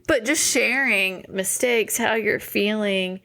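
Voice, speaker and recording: Woman in her 40s chatting on a podcast, bit of vocal fry, laughs a lot. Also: medium pitch, slow. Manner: candid, laughs often, animated retelling. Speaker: podcast co-host. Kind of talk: casual chat.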